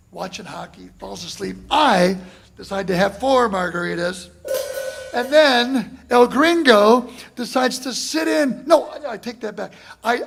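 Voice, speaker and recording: A man leads a drum masterclass with an unusually high voice that is heavily gravelly. He tells a long story in an animated way and shouts out other people's lines. His voice is husky. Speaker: drum clinician. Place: college classroom before an audience.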